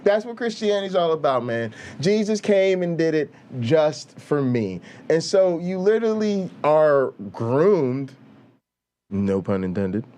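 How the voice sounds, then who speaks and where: A man hosting a reaction show, loud and mocking, with profane, hyped-up commentary. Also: fairly high pitch, sing-song, unhurried. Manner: loud, hype, mocking, swears constantly. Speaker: reaction channel host.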